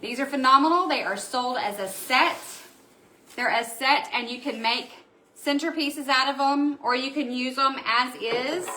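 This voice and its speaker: A woman's voice: high-pitched, a little slow, bright, forceful tone, slight background noise. A woman hosting a live craft supply show, chatty and gushing as she reads out viewer comments. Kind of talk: casual live-stream product showcase. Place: indoor room at home.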